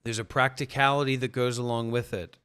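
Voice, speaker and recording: A man's voice: medium pitch, steady tone, brisk, a bit bright, smooth, no room sound. A man who teaches spirituality, talking bluntly and profanely to viewers on a livestream. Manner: blunt and profane, acting out quoted voices.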